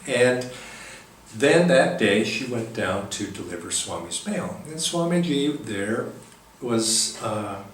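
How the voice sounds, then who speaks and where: A man gives a spiritual talk, easing through a story in a gentle, halting way with many pauses. His voice carries from a distance through a very echoey hall, with a faint hum of room ambience behind him. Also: medium pitch. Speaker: spiritual teacher.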